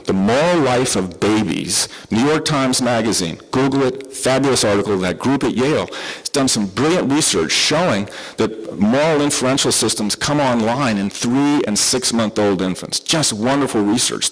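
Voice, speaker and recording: A man's voice: medium pitch, low-quality recording. Southern American man giving a talk. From southern United States. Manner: conversational, with frequent fillers and restarts. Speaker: conference speaker. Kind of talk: live conference lecture.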